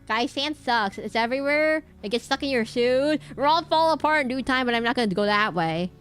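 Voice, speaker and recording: A woman's voice: sits high, expressive, a little fast, fairly bright tone, clear, resonant tone, faint music behind. A woman streamer chatting casually and rambling while she plays a game. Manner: rambling, chatty, lots of fillers and restarts.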